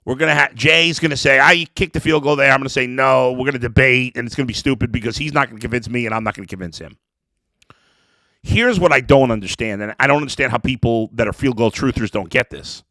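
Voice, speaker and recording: A man's voice: mid-range voice, fast talker, pushed and bright, no room sound. A man hosting a sports podcast, talking through an emotional, rambling opinion monologue with lots of restarts.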